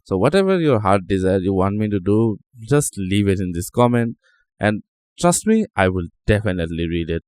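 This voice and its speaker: A man talks through a screen recording in a loose, joking way, reacting out loud to each surprise. His voice sits on the low side yet swings up and down a lot. The sound is dry, with no room echo. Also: big pitch swings, normal speed. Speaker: tech channel host. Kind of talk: casual screen-recording commentary.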